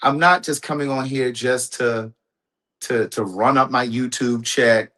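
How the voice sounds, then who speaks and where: A man's voice: medium pitch, unhurried, pushed and bright. A man hosting a home livestream, telling a personal story in a rambling way, with restarts and asides to his audience. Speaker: livestream host. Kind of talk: casual storytelling to viewers.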